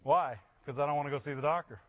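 A man preaching a sermon, rising to loud emphasis with laughing asides. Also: a little high, fast talker, dull audio. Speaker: pastor.

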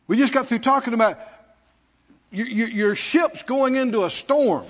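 A man's voice: very high-pitched, normal speed. A man preaching a sermon who calls out to the congregation and mockingly acts out worried believers. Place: church sanctuary. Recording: dull lo-fi recording with long hall reverb.

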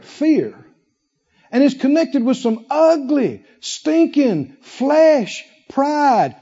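Male pastor, sermon, high voice, dark mellow tone, dull lo-fi recording. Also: lively intonation. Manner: emphatic, rhetorical questions, drawn-out pauses.

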